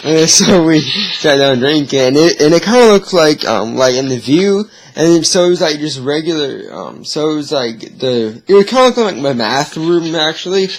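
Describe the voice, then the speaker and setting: A man vlogging, telling a long story in a rambling, easily sidetracked way with chuckles. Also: fairly high pitch. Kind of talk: casual storytelling.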